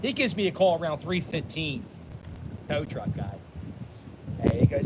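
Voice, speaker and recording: A man tells a rambling, self-interrupting story, fairly high-pitched and very animated. He is recorded outdoors on a lo-fi mic that sounds dull. Clear wind and boat noise sits behind him. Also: moderate pace, long pauses. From Philadelphia. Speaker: vlogger. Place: outdoors by the water, windy.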